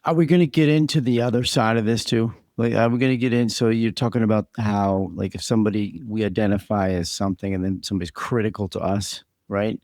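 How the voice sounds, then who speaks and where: A man's voice: on the low side, steady tone, quick pace, hardly any pauses, a little mellow, no room sound, clean studio sound. A man co-hosting a casual conversational chat, asking questions and checking that he has understood. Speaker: podcast co-host.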